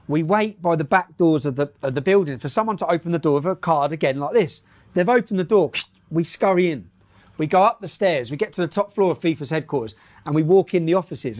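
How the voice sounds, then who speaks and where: Blunt, laughing man, higher-pitched voice, casual storytelling. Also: darkish tone. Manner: blunt, laughs often, swears freely. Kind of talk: casual storytelling and reading news aloud.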